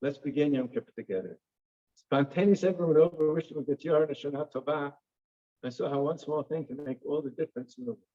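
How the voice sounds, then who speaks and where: A man's voice: a little high, steady tone, fast, dark tone. A man telling stories to a synagogue audience, vivid and theatrical with wry asides. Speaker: guest speaker. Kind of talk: dramatic storytelling talk. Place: synagogue hall. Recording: dull lo-fi recording.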